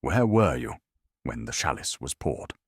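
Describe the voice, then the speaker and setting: A fastidious Belgian detective weighs every word, formal and exacting, as a man performs him. The voice sits low but moves expressively through each phrase. It is recorded dry and close. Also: big pitch swings, slightly rough, no room sound, heavily acted. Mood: probing. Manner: measured and exacting, formal address. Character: fastidious Belgian male detective, precise, calm.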